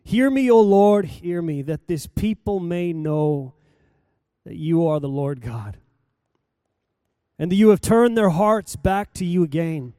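A man's voice: high-pitched, lively intonation, slow, warm tone, smooth, dry recording, studio quality. Man reading scripture in a dramatic way. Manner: dramatic reading, voice rising and falling with the story. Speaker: pastor.

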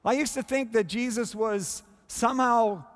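Male preacher, high voice, dramatic pauses, long reverb of a big hall. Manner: expressive preaching with dramatic pauses and quoted dialogue. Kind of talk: sermon.

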